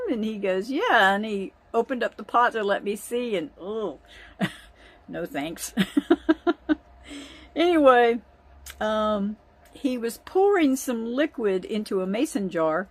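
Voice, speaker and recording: A woman telling a family story in a chatty way, often breaking into laughter. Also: mid-range voice. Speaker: vlogger. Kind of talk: casual storytelling.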